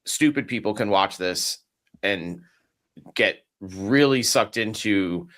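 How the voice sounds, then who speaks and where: A man's voice: lowish voice, takes it slowly, fairly bright tone. A man co-hosting a film talk show, speaking bluntly with frequent restarts and swearing. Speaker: podcast co-host. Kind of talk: casual film discussion.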